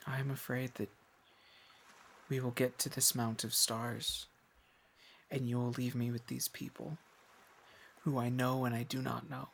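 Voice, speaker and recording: A man's voice: mid-range voice, little pitch movement, a little slow, gravelly, long pauses, a little hiss or hum. A man voicing a shy, earnest young woman. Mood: tender.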